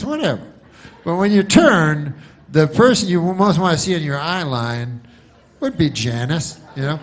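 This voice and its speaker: A man doing a stand-up comedy monologue, deadpan and rambling through long setups. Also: on the high side.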